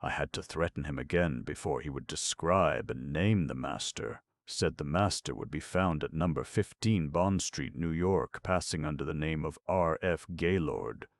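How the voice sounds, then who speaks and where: Male audiobook narrator, deadpan and measured, very low voice, close dry recording. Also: no echo. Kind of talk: scripted narration.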